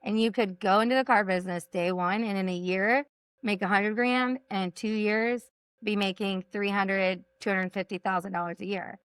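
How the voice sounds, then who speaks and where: With medium pitch, fairly even intonation and a fairly bright, smooth tone at normal speed, a woman from Texas speaks with no echo. An executive coach and sales trainer, she is a podcast interview guest who talks emphatically and repeats her points for punch.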